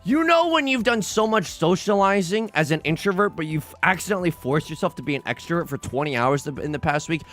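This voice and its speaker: Soft music plays behind a man whose slightly high voice moves briskly with hardly any pauses. He's livestreaming in a casual, chatty way, telling animated, meandering stories full of restarts, swearing and side comments.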